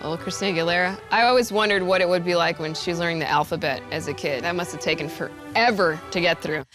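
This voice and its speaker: A woman's voice: lowish voice, fast, over music, low-quality recording. A woman comedian chatting playfully in short commentary bits. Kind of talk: stand-up style commentary.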